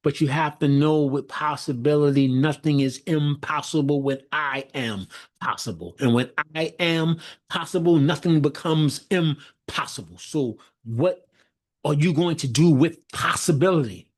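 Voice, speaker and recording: A man's voice: fairly high pitch, unhurried. A middle-aged man coaching on leadership with a slightly raised voice. He drives points home through repetition and a preacher-like rhythm, often restarting sentences. He sounds like he is on a video call. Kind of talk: motivational talk.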